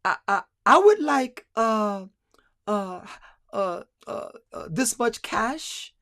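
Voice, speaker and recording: A man putting on a young woman's voice, speaking haltingly with many hesitations. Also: high-pitched, expressive, pushed and bright, pitched above the performer's own voice, full character voice. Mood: demanding. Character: young woman asking for a dowry.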